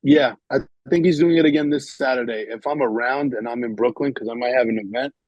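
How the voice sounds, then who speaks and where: A man's voice: mid-range voice, a little fast, no echo, lo-fi sound. A young man, a rapper guesting on a podcast, talking casually with slang. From New York. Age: 20s. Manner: laid-back, slangy. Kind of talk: casual chat.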